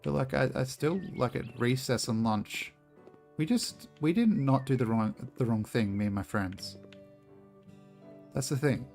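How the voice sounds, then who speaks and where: A man's voice: medium pitch, lively intonation, a little slow, gravelly, a little mellow, faint music behind. A young Australian man streaming a game, chatting with viewers in a loose, joking way, swearing freely and laughing often. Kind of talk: casual gameplay commentary, chatting with viewers.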